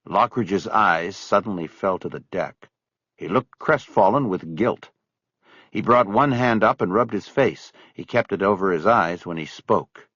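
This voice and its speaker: A man reading an audiobook as narrator in an expressive storytelling way. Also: deep voice, a little slow, breathy edge, no room sound, muffled recording. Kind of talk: scripted narration.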